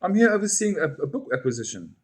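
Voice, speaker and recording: A man's voice: high voice, very animated, fast, breathy edge, voice pushed up, heavily acted. A man voicing a reserved British librarian who speaks dryly and understated, with a British accent. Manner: dry, understated.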